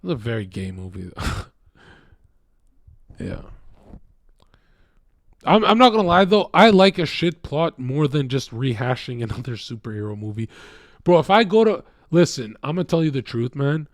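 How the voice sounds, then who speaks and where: A man in a mid-range voice rants at his viewers, profane and combative. He jumps from loud outbursts to low mutters, and the sound is dry and close with no room. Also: very animated, normal speed, long pauses, no echo. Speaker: streamer. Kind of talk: casual ranting to viewers.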